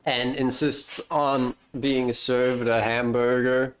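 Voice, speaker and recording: Unhurried guy streamer, rambling live chat. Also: mid-range voice, flat delivery. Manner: rambling, self-mocking jokes, drawn-out fillers. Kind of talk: casual live-stream chat while gaming.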